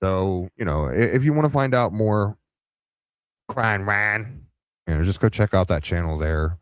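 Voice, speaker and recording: A man hosting a live reaction stream, his voice fairly low but swinging widely up and down. He rambles, taunts and swears freely. The sound is close and dry. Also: expressive, unhurried, smooth, dry recording.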